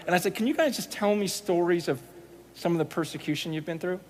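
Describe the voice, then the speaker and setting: Animated male pastor telling stories. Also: high voice, fast, slight background noise. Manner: animated, quotes others in conversational asides. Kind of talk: sermon storytelling.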